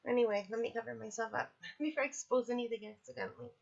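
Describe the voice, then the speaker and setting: Woman vlogger, fairly high voice, chatty and candid, recovering and sore, dull lo-fi home audio. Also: steady tone, racing, creaky. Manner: chatty, candid, apologetic asides. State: recovering from surgery, in pain. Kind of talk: casual personal video diary. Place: at home, indoors.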